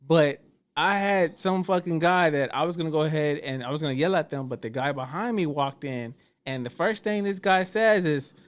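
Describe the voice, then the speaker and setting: A man's voice: fairly high pitch, moderate pace. A man, co-hosting a casual podcast chat, telling stories with plenty of swearing. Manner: storytelling, swearing, laughs often. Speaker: podcast co-host.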